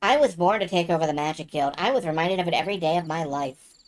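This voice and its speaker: A woman voicing a quiet, earnest young woman heir to a magic guild, speaking softly in a game reading. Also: quick pace, close to an everyday voice, rough recording. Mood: resolved. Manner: soft, low and earnest.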